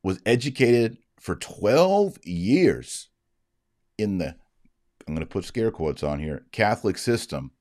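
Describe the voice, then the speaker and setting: A man's voice: low-pitched, darkish tone, no room sound, studio quality. A man giving earnest, moralizing commentary on a livestream, reading out viewer comments as he talks. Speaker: Catholic commentator.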